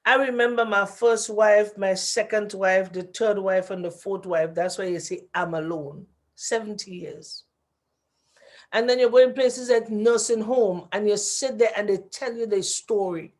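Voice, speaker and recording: Woman, radio talk guest, lively storyteller who plays every voice. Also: mid-range voice, measured pace. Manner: animated storytelling, acting out quoted voices. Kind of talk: radio talk show discussion.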